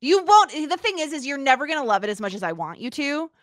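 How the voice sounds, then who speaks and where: A woman in her thirties co-hosts a podcast, her high-pitched voice fast and animated in jokey, casual banter. She bursts into laughter often, and the recording is dry and studio-quality.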